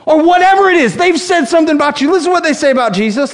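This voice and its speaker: A married man delivers a sermon in a strikingly high voice for a man. He is humorous and animated, slipping into quick acted-out quotes as he teaches. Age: adult, married. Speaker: pastor.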